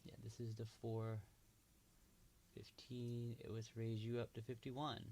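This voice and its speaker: A man's voice: mid-range voice, flat delivery, a little slow, a little mellow, a little hiss or hum. A man hosting a casual livestream, thinking aloud with hesitant, trailing remarks as he marks up a chart. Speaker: livestream host.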